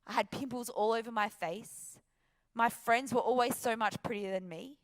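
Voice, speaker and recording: A woman's voice: a little high, moderate pace. An Australian woman giving an emphatic, upbeat motivational talk from a stage before an audience. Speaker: motivational speaker.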